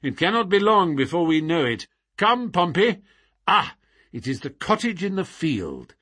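A man reading as a brisk, commanding detective, eager and quick to give orders. His husky voice leaps up and down, close and dry. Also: fairly high pitch, sing-song, bright, forceful tone, no echo, pitched above the performer's own voice, exaggerated voice.

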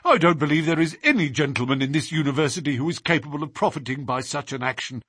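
A man's voice: on the high side, animated, fast talker, a bit bright, slightly rough, no room sound, studio quality. A man doing a timid, deferential servant. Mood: anxious. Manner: anxious, deferential.

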